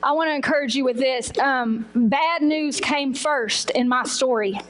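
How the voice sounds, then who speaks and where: A woman's voice: high-pitched, a little slow. A young woman giving a sermon testimony, telling her story expressively and acting out the voices. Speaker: guest speaker giving testimony.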